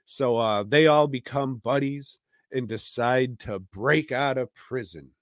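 A male podcast co-host in casual comedic chat, talking at a slow, drawn-out pace. His rambling retelling is thick with fillers and curse words. The sound is dry and close, with no room echo. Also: medium pitch.

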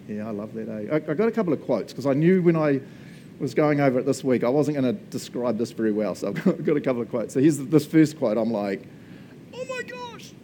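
Chatty New Zealand preacher, mellow voice. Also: male voice, medium pitch, slight background noise. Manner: chatty, jokey, laughs often, says "eh" and "man". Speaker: pastor. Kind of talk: conversational sermon.

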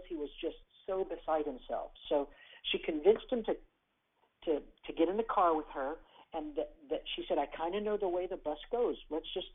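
This is a guest phoning into a talk show and telling a story with real drive, slipping into the voices of the people in it. The sound is thin and narrow, like a telephone line. The voice sits at a middle pitch, and both the pace and the loudness keep shifting as the story goes on. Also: husky. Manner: acts out quoted characters, varies loudness and pace. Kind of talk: animated storytelling on a call-in show. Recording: tinny phone line.

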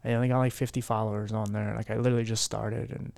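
Male podcast host at home, candid and rambling, gravelly voice in a dry room, worn down. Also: fairly low pitch, little pitch movement, fast, a little mellow, no echo. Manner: rambling, candid, with frequent fillers and restarts. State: low-spirited and worn down. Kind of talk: candid solo podcast chat.

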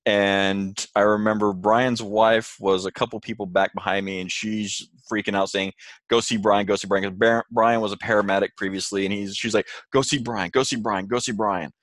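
A man telling a story in casual chat with animated delivery, acting out quotes. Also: lowish voice, moderate pace, few pauses, no echo. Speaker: co-host, sailor.

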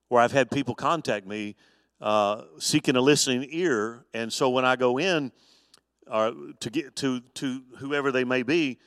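Casting: male pastor, mid-pitched voice, folksy storyteller giving an evening Bible study, dry close sound. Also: fairly bright tone, dry recording. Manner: conversational preaching with folksy storytelling.

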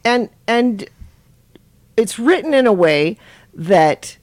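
A woman's voice: on the high side, lively intonation, slow, a little mellow, no room sound. A woman hosting a podcast, chatting casually and reading a children's book aloud, laughing often. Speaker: podcast host.

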